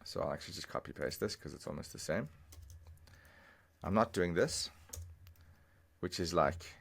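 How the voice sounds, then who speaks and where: A man teaching a language lesson over a screen recording, patiently explaining and repeating phrases slowly, step by step. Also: low-pitched, expressive, gravelly, fairly bright tone.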